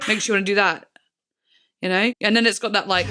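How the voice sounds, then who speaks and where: A woman hosting a music reaction video, talking casually and excitedly, rambling with lots of filler words and humming bits of the tracks. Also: medium pitch, moderate pace, smooth. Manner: excitable, hums and mimics song parts.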